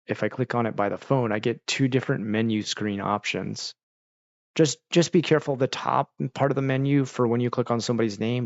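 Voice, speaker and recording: A man's voice: on the low side, gravelly, no room sound. A man, an art teacher, chatting casually on a livestream, joking and swearing as he rants. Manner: profane, ranting, joking. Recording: dull lo-fi stream audio, dry.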